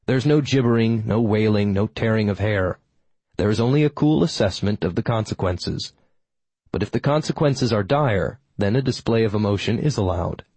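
Man, audiobook narrator, husky, low voice, dry wry delivery. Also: moderate pace, darkish tone, no room sound. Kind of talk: scripted first-person narration.

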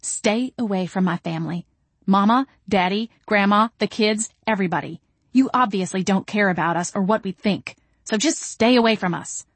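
A woman voicing a furious older sister who yells and sneers accusations in a storybook reading. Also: mid-range voice, moderate pace, no echo, natural voice. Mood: bitter. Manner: yelling, sneering.

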